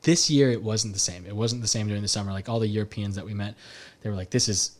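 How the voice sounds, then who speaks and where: Fast-talking young American man. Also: lowish voice. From United States. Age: young adult. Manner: animated storyteller who acts out quoted people. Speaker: podcast guest. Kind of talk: casual chat.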